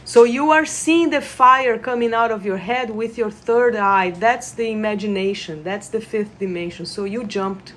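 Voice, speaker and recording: A woman leading a live energy-healing session, guiding listeners with gentle instructions and sudden bursts of excited laughter. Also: on the high side, moderate pace, hardly any pauses, a little hiss or hum. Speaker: reiki practitioner. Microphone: phone livestream.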